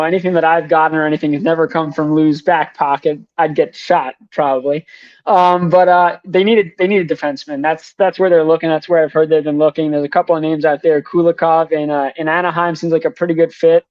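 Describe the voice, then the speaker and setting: Fast-talking young male hockey reporter. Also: fairly high pitch, steady tone, dry recording, lo-fi sound. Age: young adult. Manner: rapid, rattles off names and numbers. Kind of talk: rapid sports analysis.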